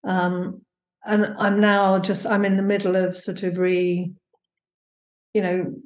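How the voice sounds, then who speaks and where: A woman with a lowish, darkish voice talks slowly and in a level tone. She's a performance maker being interviewed in an echoey room, chatting casually but hesitantly, searching for words and leaning on plenty of fillers.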